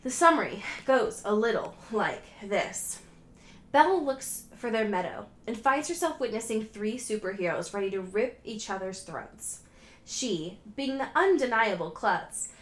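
A woman's voice: medium pitch, very animated, moderate pace, echoey room. A woman co-hosting a podcast, chatting casually with many fillers and reading fan fiction aloud. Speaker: podcast co-host.

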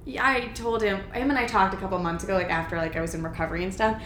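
A young woman talks candidly in a casual podcast chat, telling her story in an animated ramble. Her voice sits in a middle range. The room is echoey with a faint hiss behind her. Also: mid-range voice, racing. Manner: chatty, frequent "like", animated retelling.

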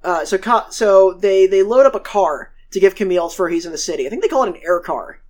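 A woman's voice: medium pitch, expressive, brisk, a little mellow. Rambling, profane woman recapping episodes. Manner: profane, rambling, acts out quoted characters. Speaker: podcast co-host.

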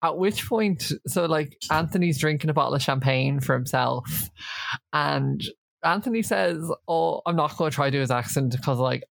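A man's voice: a little high, moderate pace, vocal fry, fairly bright tone, no echo. A man co-hosting a podcast, chatting casually and jokily as he recaps a reality show, with lots of fillers. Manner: chatty, jokey, many fillers. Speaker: podcast co-host.

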